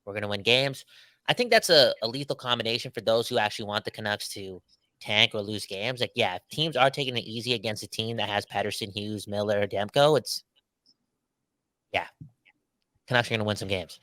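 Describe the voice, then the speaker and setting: Bright-voiced man, slangy sports banter. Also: fairly low pitch, brisk, no echo. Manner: animated, slangy, emphatic. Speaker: podcast co-host. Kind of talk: casual sports podcast chat.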